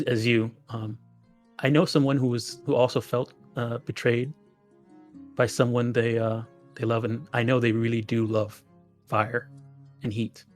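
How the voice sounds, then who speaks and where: Brief: a man voicing an earnest heroine, halting, full of fillers, in his own plain voice. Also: mid-range voice, lightly acted. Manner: hesitant, many fillers. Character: earnest young woman mediator hero.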